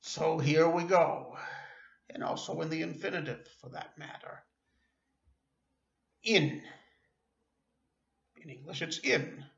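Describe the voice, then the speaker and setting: A man's voice: fairly high pitch, slow, gravelly, long pauses. A man teaching a language lesson, speaking patiently with hesitant fillers and correcting himself as he goes. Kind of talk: slow spoken language lesson. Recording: echoey room, dull lo-fi sound.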